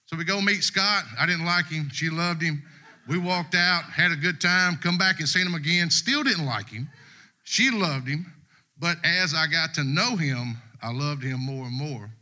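In the church sanctuary, a middle-aged man visiting as guest preacher addresses the congregation in a folksy, conversational Southern US dialect. His voice runs on the high side with a bright, forceful tone, and he moves at a moderate pace.

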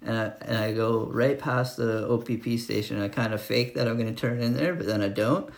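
Guy, young, mid-pitched, loose profane storyteller, casual chat. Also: brisk, gravelly. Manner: profane rambling storyteller, frequent laughs.

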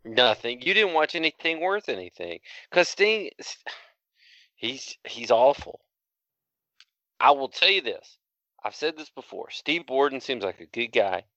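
A man's voice: mid-range voice, very animated, unhurried, sharp tone, no echo, dull audio. A man hosting a casual podcast, blunt and sarcastic. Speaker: podcast host. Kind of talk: casual chat.

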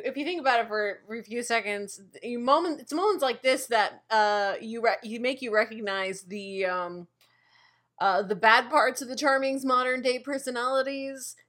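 A woman co-hosting a casual recap chat, relaxed and thoughtful, laughing along. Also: a little high. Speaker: podcast co-host.

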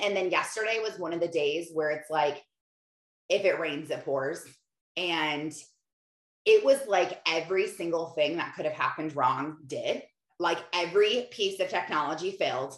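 In a reverberant space, a low-pitched woman talks at a moderate pace. The host of a motivational podcast and in her thirties, she chats casually and animatedly, voicing her own thoughts aloud.

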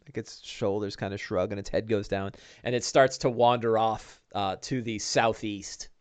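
A man narrating a tabletop game as game master, animated, with frequent fillers and restarts. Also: on the low side, moderate pace, smooth, no room sound.

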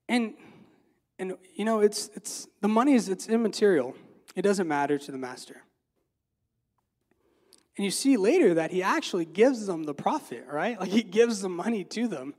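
A preacher delivers a casual, conversational sermon in a high, darkish-toned male voice. He fills it with fillers and repeated words and keeps asking his listeners rhetorical questions.

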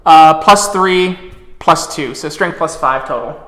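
A man acting as storyteller for a tabletop role-playing game, calling out dice rolls with relaxed "uh" pauses. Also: fairly high pitch, reverberant.

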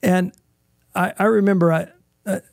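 A middle-aged man, a guest in an interview, earnestly telling a personal testimony in halting bursts with restarts. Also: sits high, steady tone, gravelly, no echo, studio quality.

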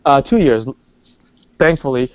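A man telling personal stories in casual conversation, animated, with many restarts and acted-out quotes. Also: mid-range voice, measured pace, clean tone, dry recording. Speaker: guest. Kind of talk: casual storytelling. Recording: dull lo-fi sound.

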